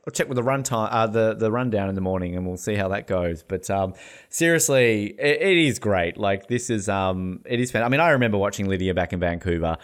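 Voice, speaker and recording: An Australian man hosting a casual chat, excitable and swearing, bursting into shouts and laughter. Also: fairly low pitch, brisk. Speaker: podcast host. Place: hotel room.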